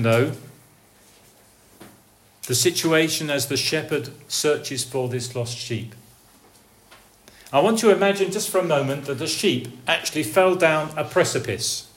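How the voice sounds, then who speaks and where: A man preaching a sermon, asking his listeners rhetorical questions and swinging between soft, hushed lines and raised, calling ones. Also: on the high side.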